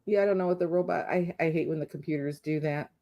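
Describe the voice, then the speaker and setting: Lower-voiced curious woman on a stream. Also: fast, warm tone, muffled recording. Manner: curious, asks lots of questions. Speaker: craft livestream co-host. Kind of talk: casual chat. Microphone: video call.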